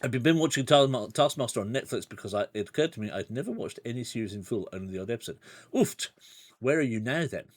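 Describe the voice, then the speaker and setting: A man's voice: mid-range voice, animated, quick pace. A man playing through a gamebook on a livestream, chatty and rambling with side remarks and chuckles. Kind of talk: casual livestream gamebook playthrough.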